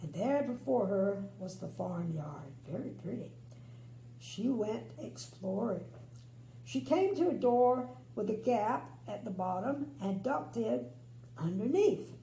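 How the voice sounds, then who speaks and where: An older grandmother reads a bedtime story slowly and expressively, with chatty asides. Her voice is mellow and a little gravelly, with a lively melody. The room sounds echoey, with a faint hum. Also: medium pitch.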